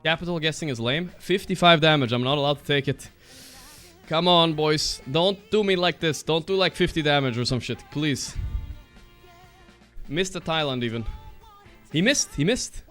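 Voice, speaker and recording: A man chatting casually to his stream while walking on a treadmill, a little out of breath, swearing and breaking into loud outbursts. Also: fairly high pitch, moderate pace, soft background music.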